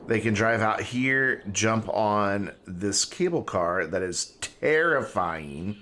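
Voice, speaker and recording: A lower-pitched man chatting through a city-building stream, his voice swinging up and down as he thinks aloud and talks to chat. There is a faint hiss of noise behind him. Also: slow. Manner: relaxed, chatty, talks to himself and chat while playing; talking with mouth full. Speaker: game streamer. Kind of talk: casual live-stream commentary.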